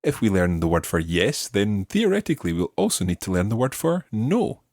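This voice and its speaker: A man teaching a beginner language lesson on a podcast, patient and clear as he models words for learners to repeat. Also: lowish voice, very animated, normal speed, a little mellow, dry recording, studio quality.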